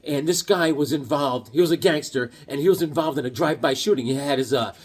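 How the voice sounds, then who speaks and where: A man chatting casually about his comic book haul, animated and jokey, slipping into silly voices. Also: fairly high pitch, fast talker. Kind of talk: casual chat.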